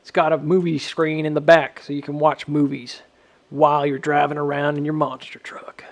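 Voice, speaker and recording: Hushed upscale truck-ad announcer, put on by a man, gravelly, slow sales patter. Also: a little high, little pitch movement, natural voice. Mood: boastful. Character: man as smooth luxury monster truck ad announcer. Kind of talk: mock commercial pitch.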